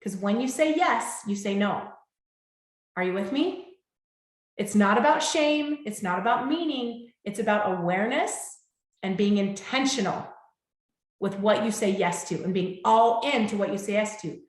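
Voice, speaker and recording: A woman hosting a motivational talk, speaking heartfelt and warm and checking in with her listeners often. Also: mid-range voice, expressive, unhurried. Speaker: host. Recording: echoey room.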